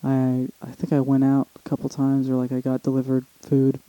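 A man's voice: mid-range voice, monotone, brisk, mellow, no room sound, rough recording. A young man co-hosting a podcast in casual chat, rambling and restarting often, swearing casually. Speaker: podcast co-host.

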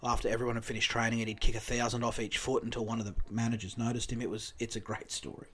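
A man's voice: medium pitch, little pitch movement, racing, a bit bright, husky. Joking man making football picks. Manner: swearing, joking football predictions. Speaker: podcast co-host. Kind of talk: casual sports chat.

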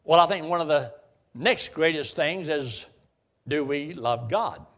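A man's voice: a little high, measured pace, a bit bright. A man preaching a sermon in a conversational way, building to emphatic bursts. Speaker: pastor.

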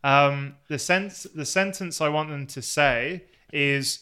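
Bright, playful English man. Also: on the high side, takes it slowly, clear, resonant tone. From Plymouth, England. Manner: playful, laughs often. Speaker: podcast co-host. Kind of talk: casual chat.

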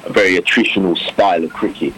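A man with a very deep voice talks through his cricket career in a relaxed interview. He rambles, circles back, and fills gaps with "you know" and "um", sometimes breaking into a laugh. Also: fast, a little hiss or hum, low-quality recording. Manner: rambling, many fillers and restarts, warm laughter. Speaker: professional cricketer, now coach.

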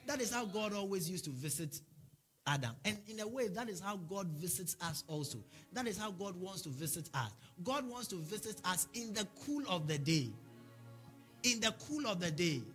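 A man's voice: high voice, lively intonation, moderate pace, fairly bright tone, husky, faint music behind. A man preaching a sermon as a pastor, with fervent, repeated declarations and prayers.

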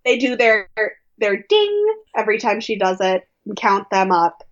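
A woman's voice: mid-range voice, big pitch swings, measured pace, dull audio. A woman co-hosting a podcast, recapping episodes in a dry, matter-of-fact way. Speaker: podcast co-host. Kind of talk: casual recap chat.

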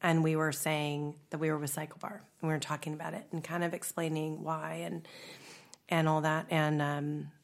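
A woman cycling instructor, under the weather with a stuffed-up, husky voice, chatting casually as a podcast guest. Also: sits low, level tone, normal speed.

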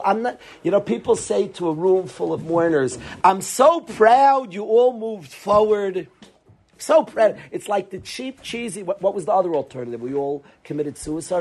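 A man's voice: sits high, normal speed, few pauses, a little mellow, husky. A man, a rabbi, giving an earnest Torah lecture to yeshiva students, often repeating phrases for emphasis.

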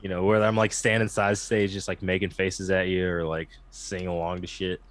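A male musician guest chatting casually, excitable and slangy, with a heavy use of "like". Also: sits low, fairly quick. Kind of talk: casual chat.

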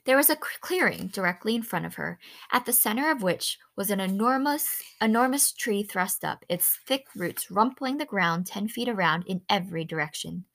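A woman reads a children's novel aloud with lively expression and an average-pitched voice. She stops here and there to explain a word to her listener in a quick aside, and fixes small slips without fuss. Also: vocal fry. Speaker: read-aloud storyteller.

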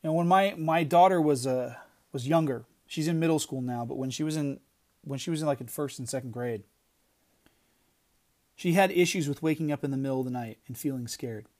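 A man's voice: medium pitch, a little fast, a little mellow. Earnest man giving a devotional talk. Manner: earnest, emphatic preaching with frequent restarts. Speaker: podcast devotional speaker.

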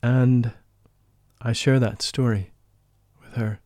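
A man talking as a guest in an interview, telling a personal spiritual story in an earnest, emotional way. He often drops into a hushed voice when he quotes people. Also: medium pitch, steady tone, takes it slowly, no room sound, clean studio sound. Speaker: podcast guest, spiritual life coach.

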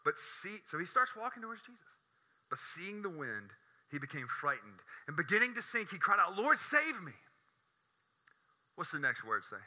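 A man preaching a sermon in an animated, joking way, his voice climbing high when he gets excited. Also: a little fast.

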